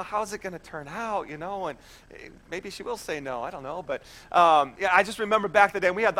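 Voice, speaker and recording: A man in his thirties preaching a sermon, telling a personal story in a chatty, animated way with many restarts. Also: sits high. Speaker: pastor.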